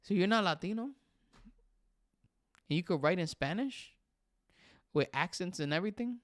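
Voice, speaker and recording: A young man hosts a casual livestream, chatting with viewers and reading out their comments as he switches between English and Spanish. His high voice has lively intonation and a moderate pace, recorded at studio quality with no echo.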